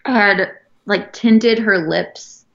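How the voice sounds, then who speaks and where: A woman's voice: mid-range voice, gravelly, a bit bright, muffled recording. A woman chatting casually as a podcast co-host, laughing often as she talks. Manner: giggly, chatty, quick to laugh. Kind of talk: casual chat.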